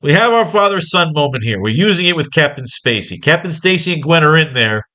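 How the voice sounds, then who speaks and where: A man's voice: a little high, lively intonation, a little fast, pushed and bright. A man teaching comic book writing in a casual online lesson, talking in a profane, rambling, exasperated way.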